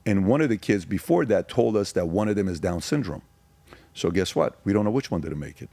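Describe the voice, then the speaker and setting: A man's voice: low-pitched, lively intonation, fairly quick, vocal fry, warm tone, dry recording. A man in his forties from Iran, a podcast guest telling his story in an emphatic, casual way and firing off rhetorical questions.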